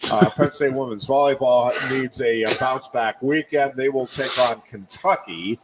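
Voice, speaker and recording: A man's voice: mid-range voice, moderate pace, background noise. A middle-aged man co-hosting casual sports radio, reading results and telling stories with dry understatement and "uh" fillers. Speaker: co-host, wrestling play-by-play voice.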